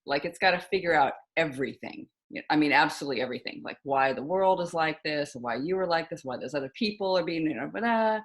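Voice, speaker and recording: A woman's voice: low voice, expressive, fast talker, few pauses. A woman hosting a podcast, reflective and thinking aloud in casual conversation. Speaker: podcast host.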